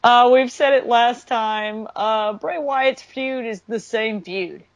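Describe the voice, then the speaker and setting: This female podcast co-host chats casually about wrestling, recapping it in a dry, matter-of-fact way with plenty of fillers. Her voice is a little high and slow, with no echo.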